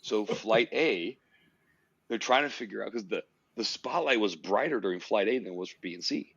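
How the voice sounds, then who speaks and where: A man with a fairly low voice hosts a casual podcast, telling an animated story and swearing freely. The sound is dull and lo-fi, dry with no room around it. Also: moderate pace, husky, no room sound. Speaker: podcast host.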